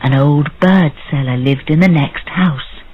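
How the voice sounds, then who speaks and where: A woman reading a simple story aloud for English learners, in short clear sentences. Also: phone-quality sound. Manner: slow, clear, simple sentences with lively pitch. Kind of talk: scripted story narration.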